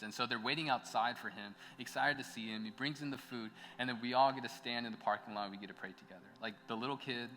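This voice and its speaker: A man's voice: fairly low pitch, bright, forceful tone. A young adult man preaching, telling a personal story in a casual, chatty way, with many "like"s and bursts of laughter. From United States. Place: church hall. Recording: long hall reverb.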